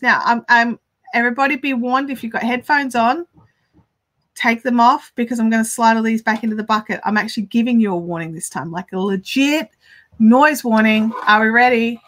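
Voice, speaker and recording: A woman's voice: fairly high pitch, a bit bright. An Australian woman hosting a crafting livestream, chatting casually in a rambling, good-humoured way with frequent laughs.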